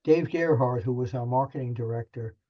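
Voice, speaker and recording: An older journalist guest, speaking fairly quickly in a warm, mid-range voice, tells a lively anecdote with self-deprecating chattiness and many restarts. The audio is muffled and lo-fi.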